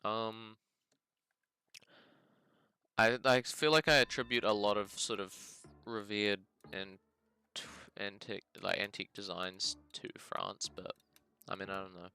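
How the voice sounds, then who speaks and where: A man's voice: on the low side, fairly even intonation, measured pace, long pauses, bright, forceful tone, smooth. A man with a New Zealand accent doing casual game commentary, thinking aloud as he plays, hedging and musing with frequent use of the word bloody. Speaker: gaming video host.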